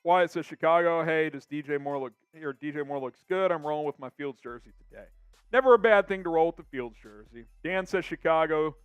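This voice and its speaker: Upbeat young male stream host, slightly high voice, smooth and clean, close dry mic. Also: a little fast, no room sound, faint music behind. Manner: upbeat, reads viewer comments aloud. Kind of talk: casual live-stream chat.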